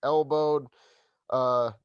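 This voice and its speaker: A man's voice: mid-range voice, fairly even intonation, extremely slow, clear, resonant tone, no echo, muffled recording. A man hosting a podcast, talking in an eager, chatty way. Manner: eager, chatty fan talk. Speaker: podcast host. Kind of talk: casual podcast chat.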